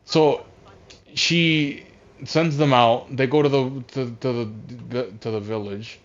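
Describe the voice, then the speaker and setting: A man casually recapping a movie while playing a game, rambling and halting, often distracted. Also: mid-range voice, steady tone. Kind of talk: casual chat. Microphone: console voice chat headset. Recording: dull lo-fi voice chat audio.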